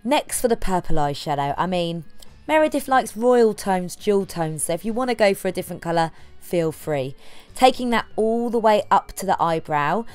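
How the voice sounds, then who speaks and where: A woman's voice: mid-range voice, expressive, moderate pace, darkish tone, clear, resonant tone, faint music behind. A chatty, giggly woman walking viewers through a makeup tutorial, joking at herself as she goes. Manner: chatty, giggly, self-mocking. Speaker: makeup artist.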